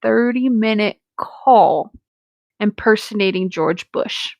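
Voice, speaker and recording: A woman's voice: medium pitch, slow pace, vocal fry, a little mellow, no room sound, muffled recording. A woman hosting a casual podcast chat, blunt and swearing freely. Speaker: creepypasta reader and podcast host.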